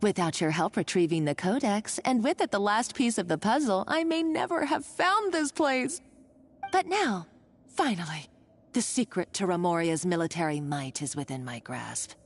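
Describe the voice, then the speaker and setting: A woman's voice: mid-range voice, expressive, normal speed. A woman voicing a scheming treasure hunter in a video game, with a theatrical, gloating villain delivery.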